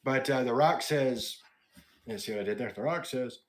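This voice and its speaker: A man hosting a wrestling podcast, recapping matches in relaxed, casual chat with quoted lines and asides. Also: medium pitch, normal speed. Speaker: podcast host.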